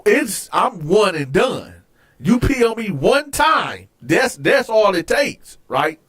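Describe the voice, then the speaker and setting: High-pitched guy telling a wild story, animated and cussing, gets loud acting stuff out. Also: slow pace, breathy edge. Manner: animated and profane, acts out scenes with loud outbursts. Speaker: host. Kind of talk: casual storytelling.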